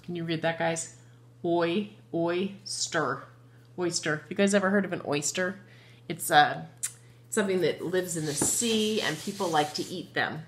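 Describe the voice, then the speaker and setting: A woman teaching a phonics lesson to young children, spelling out letters slowly and thinking aloud as she goes. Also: lowish voice. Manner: patient, slow spelling out of letters; chatty, thinks aloud with fillers.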